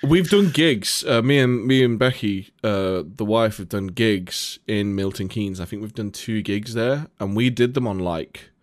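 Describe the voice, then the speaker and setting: A man's voice: on the low side, measured pace, hardly any pauses, no room sound. Nottingham guy chatting, swears a lot, gets worked up, dead dry close sound. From Nottingham, England. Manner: sweary, animated storytelling. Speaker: podcast co-host and gigging musician. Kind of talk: casual chat.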